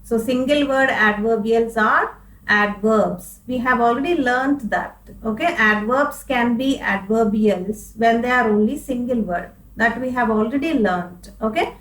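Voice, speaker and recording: A woman's voice: a little high, a little slow, a bit bright, recorded from a distance. A woman English teacher with an Indian English accent, explaining a grammar lesson patiently and asking and answering her own questions. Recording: echoey room, voice from off-mic.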